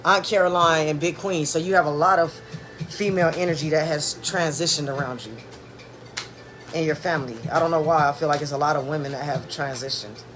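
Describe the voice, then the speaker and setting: A man giving a relaxed, chatty tarot reading. He drifts into soft, murmured blessings. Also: on the high side, fairly quick, music in the background. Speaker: tarot card reader. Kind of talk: casual live tarot reading.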